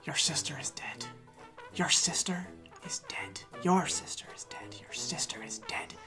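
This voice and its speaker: A woman voicing tormenting whispered voices inside a man's head, repeating accusations in a harsh, breathy whisper, as whispered role-play. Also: deep voice, unhurried, over music, voice pushed down. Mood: relentless. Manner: relentless, accusing repetition.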